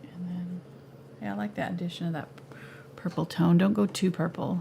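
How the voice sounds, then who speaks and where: A woman teaching a live painting lesson at home, chatty and relaxed, coughing as she loses her voice. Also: lowish voice, normal speed, creaky, slight background noise. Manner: relaxed, chatty, laughs easily. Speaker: painting instructor. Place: home art studio.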